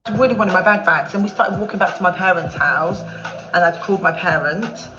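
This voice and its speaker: A woman telling a personal story on a panel, rambling and halting, with many fillers and restarts. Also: lowish voice, lo-fi sound, over music. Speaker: panel guest.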